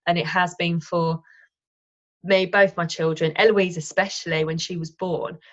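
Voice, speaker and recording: A woman's voice: fairly low pitch, steady tone, moderate pace, a bit bright. Woman telling stories over lo-fi audio. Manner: storytelling, self-correcting, frequent restarts. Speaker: guest, wellness coach and Reiki practitioner. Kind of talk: casual conversational interview.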